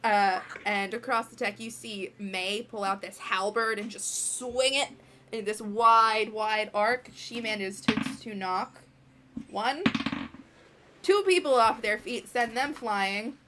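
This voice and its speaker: A woman running a tabletop game as game master, narrating the action in an animated way with frequent fillers. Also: fairly high pitch, slow, noisy background.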